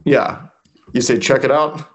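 A relaxed man co-hosts a casual podcast and keeps an easygoing tone. His voice is mid-pitched and unremarkable. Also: unhurried. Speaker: podcast co-host. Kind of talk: casual chat.

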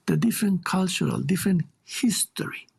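Man, Chilean Spanish accent, heavy gravelly fry, husky, reflective guest talk, emphatic repeats. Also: sits high, expressive, a little fast. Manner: emphatic, repeats words for stress. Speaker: guest teacher.

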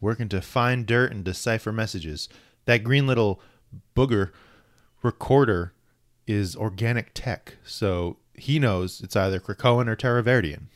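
A man's voice: lowish voice, a little slow. A man co-hosting a podcast in casual, enthusiastic chat. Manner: enthusiastic, reads out credits. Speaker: podcast co-host. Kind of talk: casual chat about comics.

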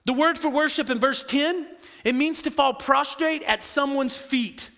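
A man preaches in a high, bright voice, animated and full of quick asides to the congregation. His words ring out with a long reverb in the church sanctuary. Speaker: pastor. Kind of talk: sermon.

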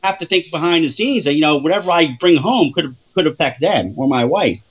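A man's voice: fairly high pitch, animated, a little fast, husky. Guy rambling on a radio show, lots of uh and um, kinda muffled lo-fi sound. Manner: rambling, many fillers and restarts. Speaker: guest paranormal investigator. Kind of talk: casual radio interview.

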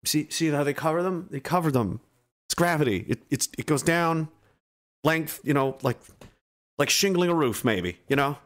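Sarcastic ranting man with a lively voice. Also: on the high side, moderate pace. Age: 30s. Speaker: livestream host reading chat. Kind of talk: casual livestream chat.

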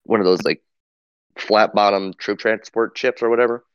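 A man with a somewhat low voice tells a story on a casual podcast, pausing often on fillers. The recording is dry and muffled, with a dull lo-fi tone. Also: steady tone, clean tone, dry recording. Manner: hesitant, many fillers, laughs while talking. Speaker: podcast co-host. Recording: dull lo-fi mic.

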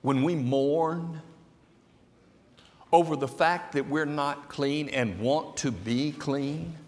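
A man preaching a sermon in slow, deliberate phrases that swing from soft, low passages to loud, emphatic peaks. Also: big-room sound.

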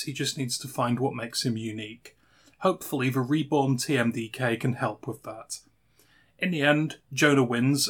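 A man narrates a scripted wrestling review in a dry, opinionated manner. His voice is bright and crisp, with an even middle pitch.

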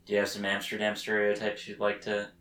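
A man's voice: completely flat delivery, fast, fairly bright tone. A man hosting a casual podcast, joking and laughing, often restarting his lines. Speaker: podcast host. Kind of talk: casual chat. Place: bedroom. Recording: roomy, distant low-quality recording.

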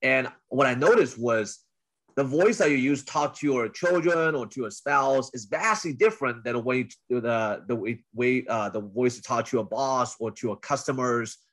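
A man's voice: mid-range voice, moderate pace, a bit bright. A man, a guest dating coach, in a casual podcast conversation, explaining things and showing different tones of voice.

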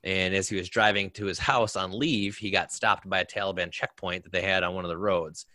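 A man's voice: low-pitched, fairly even intonation, fairly quick, sharp tone, dry recording. A man, a military veteran guest, telling stories in casual conversation with many fillers.

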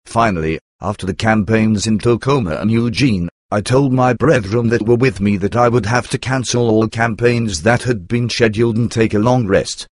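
A man reading a religious testimony aloud in a steady, earnest way. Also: lowish voice, moderate pace, hardly any pauses, dry recording, studio quality. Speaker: reader. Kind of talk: scripted narration of a religious testimony.

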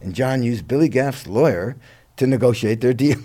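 A middle-aged musician, appearing as a guest in a relaxed interview, tells the story of his career in a medium-pitched voice at a moderate pace. He's lively and a bit profane, laughing along as he goes.

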